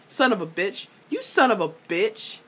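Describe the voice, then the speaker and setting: Bright-voiced young woman ranting. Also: medium pitch, unhurried, slightly rough. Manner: excitable, swears freely, bursts into loud laughing rants. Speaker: YouTuber recapping a TV episode. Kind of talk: casual episode recap.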